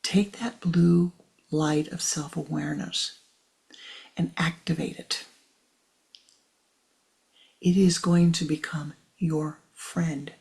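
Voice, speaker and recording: Slow, gravelly-voiced woman spiritual teacher. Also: low-pitched. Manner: soft, measured, drops often to a hushed whisper.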